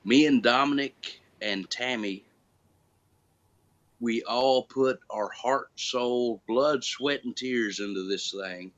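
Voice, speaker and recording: On a muffled recording, a man appearing as a guest actor speaks slowly in a medium pitch while sharing stories in casual conversation. He tells them with animation, performing the quoted exchanges.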